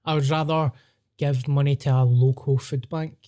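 A man's voice: medium pitch, fairly even intonation, moderate pace, mellow. A man with a Scottish accent, co-hosting a podcast in easygoing casual chat.

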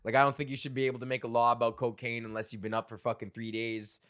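A man's voice: medium pitch, monotone, fast talker, a bit bright. A man in his thirties hosting a solo comedy podcast, reading out old jokes, rambling and swearing, laughing at his own material.

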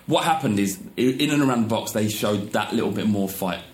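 A man's voice: lowish voice, a little fast. A man in a casual football chat, rambling and restarting his sentences. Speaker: podcast co-host. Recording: echoey room.

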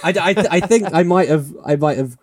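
A man co-hosting a podcast in casual chat, excitable and quick to laugh, swearing freely. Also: a little high, dry recording, studio quality. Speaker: podcast co-host.

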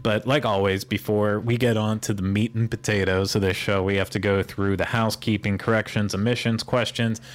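A man with a somewhat low voice co-hosts a podcast. He talks in loose, casual chat and rambles. His jokes lean sarcastic. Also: flat delivery, a little fast, few pauses. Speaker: podcast co-host.

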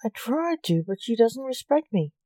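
A woman reading the part of a young male necromancer who speaks in a flat, matter-of-fact way. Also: a little high, normal speed, dry recording, pitched above the performer's own voice. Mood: weary. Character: weary young male necromancer, reaper's son.

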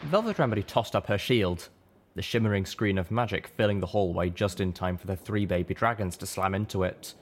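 Low-voiced man reading an audiobook. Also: fairly quick, slight background noise. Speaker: audiobook reader. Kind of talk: audiobook narration.

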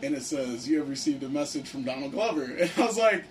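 A young man casually telling a story to friends, excited and profane, filling his talk with "like". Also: medium pitch, quick pace. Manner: excited, profane, heavy use of "like". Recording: distant mic with faint background noise.

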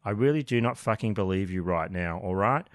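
A man's voice: deep voice, animated, a little fast, dry recording, clean studio sound, voice pushed down. A man voicing a profane, threatening young male thug in a true crime podcast retelling. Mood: menacing.

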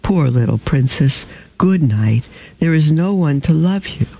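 A man voicing a gentle golden star. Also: a little high, animated, measured pace, gravelly, exaggerated voice, low-quality recording. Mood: pitying. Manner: soft, tender, partly whispered.

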